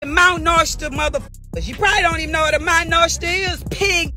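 A woman's voice: very high voice, fairly even intonation, fairly quick, bright, forceful tone, faint music behind. A middle-aged woman livestreaming a profane, taunting rant, drifting into sing-song mockery. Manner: profane, taunting, heated trash talk. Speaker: social media personality.

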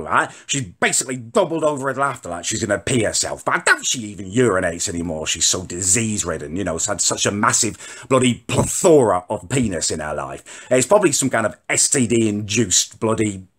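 A man's voice: on the low side, very animated, a little fast, hardly any pauses, a bit bright, distant mic. A man ranting indignantly to camera in a comic monologue, swearing as he tells his story. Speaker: character comedian ranting to camera. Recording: echoey room.

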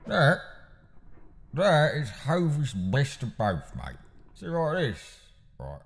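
A man voicing a menacing middle-aged London gangster with a Cockney accent, a deep croaky throat voice and a blunt, swearing drawl. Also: wildly swooping pitch, slow pace, full character voice. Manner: swearing, drawling, probing questions.

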